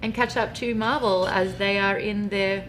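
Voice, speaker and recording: A woman co-hosting a casual pop-culture chat show, playful and expressive in her comments. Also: medium pitch, heavy background noise. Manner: playful, expressive, quick to joke. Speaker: co-host.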